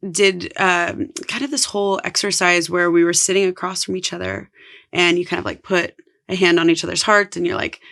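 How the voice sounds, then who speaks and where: An earnest woman tells a personal story as a podcast guest, her voice carrying a gravelly fry at the ends of phrases. She talks casually and leans on "like" as she goes, over a close podcast mic. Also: fairly low pitch, fairly bright tone. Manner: earnest, heavy use of "like". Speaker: podcast guest, spiritual coach.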